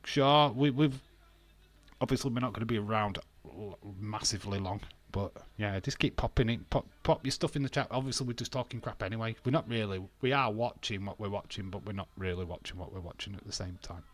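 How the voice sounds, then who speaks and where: Low-voiced British man chatting on stream. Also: a little fast. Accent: British English. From England. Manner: banters and reads chat comments aloud, laughing often. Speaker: watch-along host. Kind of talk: casual live-stream chat.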